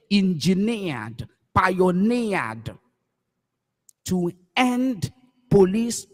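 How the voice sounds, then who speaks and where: Fervent Nigerian pastor, high voice. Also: male voice, long reverb tail. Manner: emphatic, repeats phrases, swings from loud cries to hushed low words. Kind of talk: impassioned preaching livestream.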